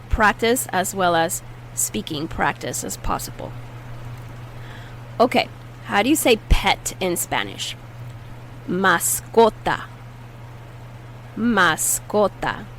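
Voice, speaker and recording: A woman teaching Spanish vocabulary in a patient way, saying each word slowly and repeating it for learners. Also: mid-range voice, a little hiss or hum, rough recording. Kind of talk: slow, clear language lesson.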